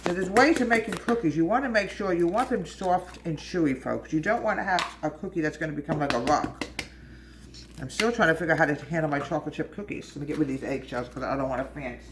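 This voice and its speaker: A woman's voice: sits low, fast. A woman hosting a home baking video, chatting in a homespun way, calling her viewers folks and drifting into small talk as she works. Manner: chatty and homespun, often calls the viewers "folks" and wanders off topic. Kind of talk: casual cooking demonstration. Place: home kitchen. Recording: echoey kitchen with background noise.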